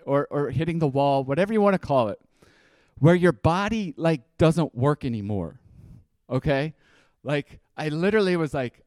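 A man's voice: on the high side, a little mellow, no echo. A man giving a conversational sermon, telling a personal story and often repeating and restarting his words. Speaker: preacher.

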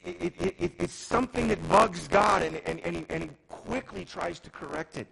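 A middle-aged man preaching a sermon as pastor, often restarting words and swinging between loud emphasis and quiet intensity. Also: high-pitched, normal speed, background noise. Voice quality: gravelly.

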